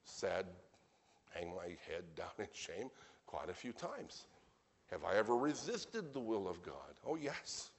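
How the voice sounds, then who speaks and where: A man with a very low, deep voice preaches a sermon. He talks in an earnest, emphatic way, dropping into plain conversational asides before surging loud on the key points. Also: very animated, unhurried. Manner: earnest, emphatic preaching with sudden swells in loudness.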